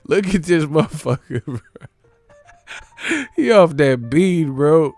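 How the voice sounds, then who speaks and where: A man holds forth on a live stream in a slow, drawn-out way, roasting his chat with crude, mocking jokes and frequent laughter. His voice sits dry and close, with faint music underneath. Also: medium pitch, expressive, vocal fry, darkish tone, dry recording. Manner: mocking, crude, laughs often, mimics people. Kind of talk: casual profane commentary reacting to chat.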